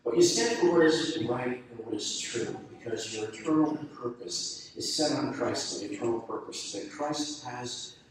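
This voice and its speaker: A man's voice: mid-range voice, moderate pace, far from the mic, slight background noise. A man preaching a sermon earnestly, building emphasis through repeated phrases, and closing in prayer. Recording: echoey room heard from afar.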